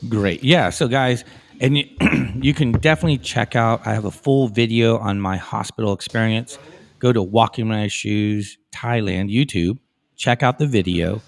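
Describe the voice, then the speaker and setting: A man's voice: lowish voice, normal speed, vocal fry. A middle-aged man co-hosting a live stream, telling stories in a casual, rambling way full of fillers. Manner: rambling, storytelling, with many fillers. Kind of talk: casual chat.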